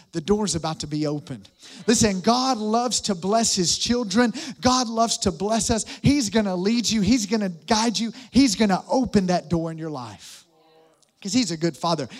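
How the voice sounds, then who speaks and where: A young man preaches to his congregation with a high-pitched voice. He is playful and animated, cracking jokes and talking straight to the crowd. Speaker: pastor. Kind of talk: sermon.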